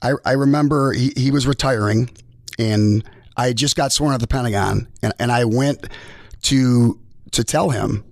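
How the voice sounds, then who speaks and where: A man, a military veteran, tells a personal story as a podcast guest, halting and restarting often as he speaks. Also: mid-range voice, vocal fry, no room sound, clean studio sound. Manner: halting, with many restarts and repeated words. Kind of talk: emotional personal storytelling in conversation.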